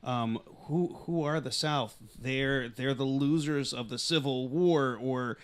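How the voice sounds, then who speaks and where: A man's voice: mid-range voice, slow pace, smooth. Man dropping crude jokes as podcast guest. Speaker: guest comedian. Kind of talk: casual comedy podcast banter.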